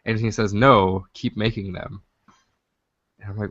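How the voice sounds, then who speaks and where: A young man co-hosting a casual gaming podcast, an animated storyteller who swears freely. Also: fairly low pitch, moderate pace, dry recording. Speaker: podcast co-host. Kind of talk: casual chat. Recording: dull lo-fi dry sound.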